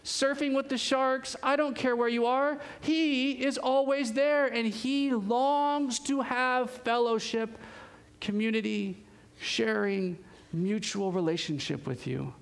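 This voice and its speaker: A man preaching a sermon as pastor, telling stories in an animated way with laughs and quick asides. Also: very high-pitched, creaky, smooth.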